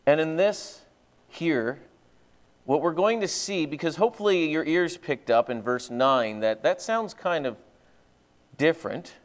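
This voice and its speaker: A man's voice: fairly high pitch, expressive, measured pace. A man, a pastor, delivering a sermon in an earnest, conversational way with folksy asides and prayer.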